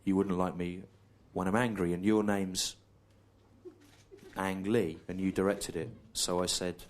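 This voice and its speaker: Deadpan low-voiced English comedian. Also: male voice. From England. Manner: deadpan, slow and repetitive, with long pauses. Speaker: stand-up comedian. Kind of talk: stand-up storytelling. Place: comedy club stage with a laughing audience. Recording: live show with loud audience laughter.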